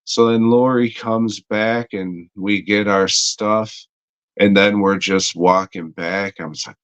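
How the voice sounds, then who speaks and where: A man's voice: lowish voice, fairly even intonation, slow, a bit bright, clear, resonant tone, no echo. A man co-hosting a podcast, telling a story in a rambling, heavily profane way with lots of fillers. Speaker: podcast co-host. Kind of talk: casual storytelling chat.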